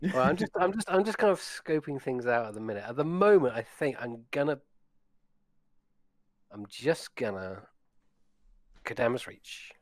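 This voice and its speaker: A man with a middle-pitched voice speaks in a mild, easygoing way, thinking aloud as he plays his turn. He sounds like a regular player in a casual chat over a card game. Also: sing-song, moderate pace, pauses often, dry recording.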